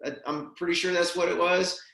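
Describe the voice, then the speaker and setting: A man's voice: high-pitched, little pitch movement, brisk, creaky, pushed and bright. A man telling a heartfelt story as a podcast guest, earnest and emotional, often saying "man" and "dude". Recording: roomy echo.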